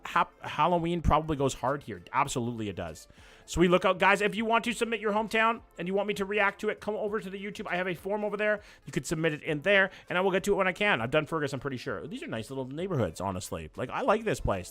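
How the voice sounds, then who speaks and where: Man, live streamer, quick casual chatter, swears a lot, slightly high voice. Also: a bit bright. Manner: fast, casual, swears freely. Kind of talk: live-stream reaction chat.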